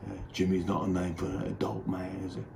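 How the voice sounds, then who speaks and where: A man putting on an impression of a blunt, dismissive comedian with a deadpan delivery. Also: sits low, fast, gravelly, a little hiss or hum, voice pushed down. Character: gruff blunt British comedian, adult man.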